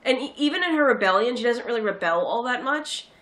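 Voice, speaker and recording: A woman in her thirties chatting casually about a film, sarcastic and animated, often putting on mocking voices. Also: on the high side, fast talker. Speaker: film reviewer. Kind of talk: casual chat.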